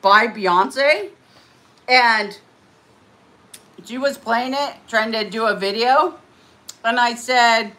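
Speaking slowly with long pauses, this mukbang host has a slightly high, bright voice with a forceful edge. She's running a laid-back eating livestream, giggling and talking with viewers and a friend.

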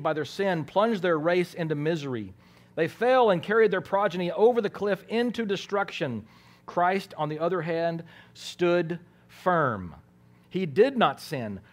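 Preaching man with dramatic soft-loud swings. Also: a little high. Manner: preaching with dramatic swings between soft hushed lines and loud emphatic ones; repeats words as he restarts phrases. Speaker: pastor. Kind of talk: sermon.

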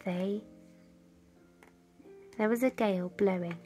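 Slow, soft-spoken woman reading a bedtime story. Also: medium pitch, fairly even intonation, soft background music. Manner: soft, often whispered reading.

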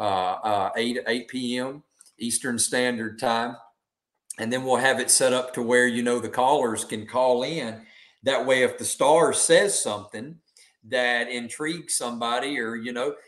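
A male host in casual talk, easygoing and rambling, often repeating words as he goes. His voice sits at a middle pitch. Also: fairly bright tone.

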